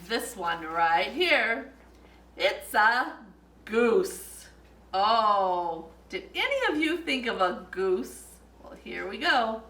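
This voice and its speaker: A woman hosting a children's story time, speaking slowly in a playful sing-song way, singing nursery songs and making animal sounds. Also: on the high side, lively intonation, pushed and bright, recorded from a distance. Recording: echoey room, voice from off mic.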